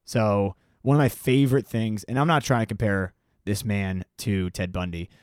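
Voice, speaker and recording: A man's voice: moderate pace, dry recording, clean studio sound. A man with a New Jersey accent, co-hosting a podcast in casual, crude, joking chat. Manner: animated, jumps in pitch when excited, crude joking. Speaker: podcast co-host.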